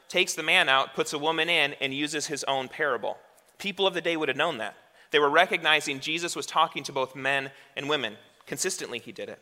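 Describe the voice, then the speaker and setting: A male pastor with a bright, mid-range voice delivers a sermon in a reverberant hall. He preaches conversationally, posing rhetorical questions.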